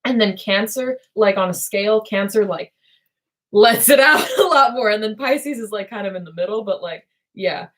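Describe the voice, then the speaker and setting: A young woman hosts a casual late-night live stream, chatting with her sister and rambling with lots of fillers and frequent laughter. Her voice is mid-range and fairly bright, and she speaks at a moderate pace.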